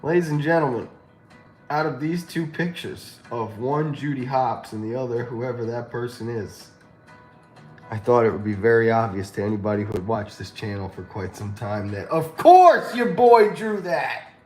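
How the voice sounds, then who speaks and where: A man hosting a casual livestream, talking to his viewers and laughing often as he tells a story. His voice sits at a middle pitch in a roomy, echoey space, with faint music playing behind him. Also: fairly even intonation, moderate pace, darkish tone. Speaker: livestream host.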